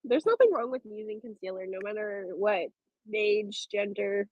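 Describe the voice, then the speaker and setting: A woman's voice: medium pitch, lively intonation, moderate pace, dry recording, dull audio. A woman guest in a casual beauty chat, talking freely about her own makeup habits. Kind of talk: casual chat on a live audio room.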